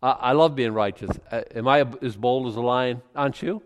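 A man preaching a sermon, reading scripture aloud and commenting in an animated way, chuckling often and restarting his sentences. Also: mid-range voice, brisk, smooth. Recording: long reverb from a large hall.

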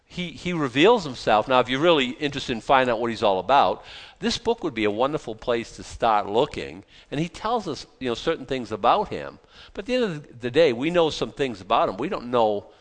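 A man preaching a conversational sermon, chatty, often stopping to correct himself and adding joking asides. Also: medium pitch.

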